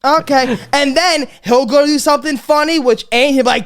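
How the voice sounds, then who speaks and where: A man in his twenties hosting a casual comedy podcast, talking in an animated, sweary way and acting out his family. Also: very high-pitched, moderate pace, few pauses. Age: 20s. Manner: animated, swearing, acts out his parents in loud exaggerated voices.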